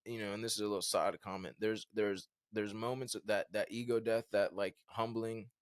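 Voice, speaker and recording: Low-voiced man telling a story. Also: normal speed, no echo, clean studio sound. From Virginia, USA. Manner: animated, conversational, many fillers like "like" and "bro". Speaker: podcast guest. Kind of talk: storytelling in casual conversation.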